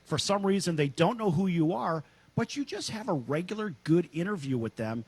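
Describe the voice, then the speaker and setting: Husky high-voiced male co-host. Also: animated, moderate pace, a little mellow, dry recording. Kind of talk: casual interview.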